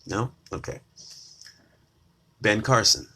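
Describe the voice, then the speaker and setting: Here a political commentator in a fighting mood addresses viewers head-on, saying things again for emphasis. The man's voice is lowish and slow, bright and forceful, slightly rough around the edges.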